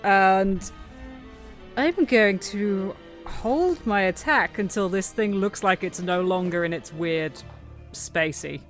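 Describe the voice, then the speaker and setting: Woman player, unhurried and joking; faint music under her. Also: mid-range voice. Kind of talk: casual tabletop play.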